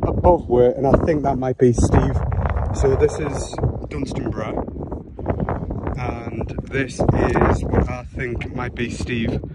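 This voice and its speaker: A man talking into his phone camera outdoors at night, breathless, excited and rambling. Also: mid-range voice, slow. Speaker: landscape photographer vlogger. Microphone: phone camera held by hand. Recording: heavy wind noise on phone mic. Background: loud wind.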